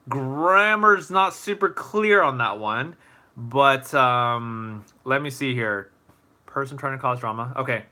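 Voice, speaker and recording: A young man hosts a casual livestream Q&A and answers viewers' questions. His voice is bright and forward at an ordinary pitch. He talks in a relaxed, thinking-aloud way, with plenty of ums and restarts. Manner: relaxed and thoughtful, many fillers and restarts. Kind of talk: casual live Q&A.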